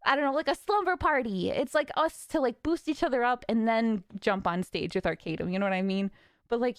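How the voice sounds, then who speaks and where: A young woman streamer ranting casually, frustrated and swearing with nervous laughs, her voice a little raspy from talking. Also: fairly high pitch, no room sound, studio quality.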